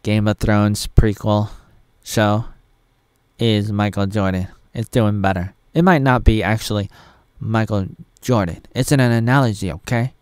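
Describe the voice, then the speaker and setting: Man, 30s, from Oregon, self-mocking solo vlog rant, low smooth voice. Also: steady tone, unhurried, darkish tone, dry recording. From Oregon, USA. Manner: self-mocking, digressive, with pop-culture asides. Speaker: vlogger.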